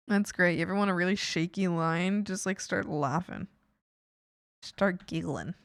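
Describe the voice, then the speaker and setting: A woman's voice: lowish voice, unhurried, creaky, no echo, clean studio sound. A woman streamer chatting casually with her viewers while she draws, giggling often and teasing them playfully. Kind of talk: casual live-stream chat while drawing.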